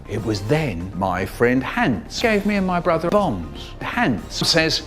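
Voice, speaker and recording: Expressive male storyteller. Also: a little slow, hardly any pauses, music in the background. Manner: expressive, dramatic swoops in pitch. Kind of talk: comic storytelling.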